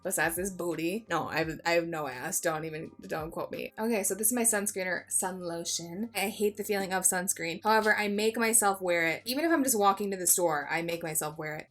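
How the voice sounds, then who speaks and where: A woman's voice: lowish voice, brisk, hardly any pauses, fairly bright tone, faint music behind. Chatty, foul-mouthed woman beauty vlogger. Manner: chatty, jokey, swears freely; self-mocking asides. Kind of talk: casual makeup tutorial.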